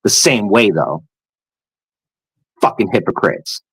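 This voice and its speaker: Low-voiced man, husky, dry close sound, furious profane vlog rant. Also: lively intonation, slow pace, fairly bright tone, no echo, rough recording. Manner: heated, profane, scornful. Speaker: vlogger. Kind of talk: angry rant to camera.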